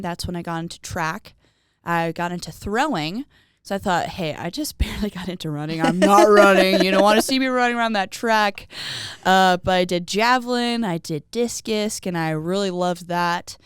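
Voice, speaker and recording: A young woman talking as a podcast guest, telling personal stories in a casual, animated way and acting out what people said. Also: on the low side, normal speed, smooth, dry recording, clean studio sound. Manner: animated, acts out quoted voices, frequent "like". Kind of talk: casual conversational storytelling.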